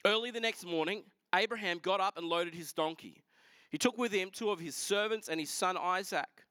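A man preaching a sermon, retelling a scripture story in a lively, casual way with asides to the congregation. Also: high voice, normal speed, dry recording. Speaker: pastor.

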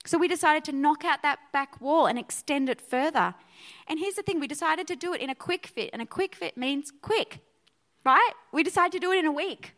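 A woman pastor preaching a sermon to her church, energetic and conversational, often checking in with her listeners. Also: sits high, brisk. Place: church auditorium.

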